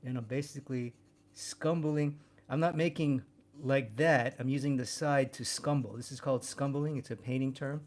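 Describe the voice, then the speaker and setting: A man's voice: mid-range voice, steady tone, moderate pace, a little mellow. A man teaching a drawing lesson, thinking aloud and repeating words as he draws. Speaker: drawing instructor. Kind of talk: live drawing demonstration.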